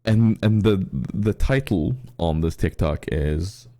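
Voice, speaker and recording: Deep, gravelly, animated male storyteller. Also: takes it slowly. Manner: animated storyteller, restarts often. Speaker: podcast co-host. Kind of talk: casual podcast storytelling.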